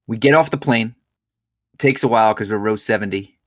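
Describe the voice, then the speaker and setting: A man's voice: on the low side, a little fast. A man hosting a podcast, telling a story in casual chat, swearing freely. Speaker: podcast host.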